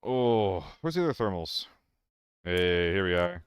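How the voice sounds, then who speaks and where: A man streaming a game live, chatting casually with viewers, laughing often and swearing when he gets excited. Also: deep voice, measured pace, clear, resonant tone, no room sound. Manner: excitable, laughing and swearing between relaxed chat.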